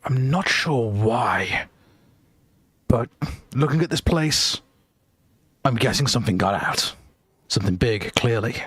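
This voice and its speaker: A grim male survivor, played by a man at a tabletop game, pressing everyone to move. His words come low and clipped in a close, dry recording with an ordinary male pitch. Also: lively intonation, slow pace, long pauses, fairly bright tone, slightly rough, no echo, full character voice. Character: male survivor scanning security logs, grim and urgent.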